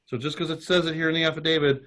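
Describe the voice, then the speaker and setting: A man's voice: fairly high pitch, flat delivery, very fast, a bit bright. A man from Kentucky hosting a webinar, casually explaining legal text and reading it aloud with asides.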